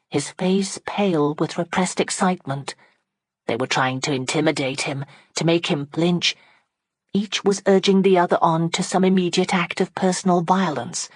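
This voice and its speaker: A woman narrating an audiobook in a steady, dramatic storytelling manner on a close microphone. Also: deep voice, breathy edge, no echo. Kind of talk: scripted narration.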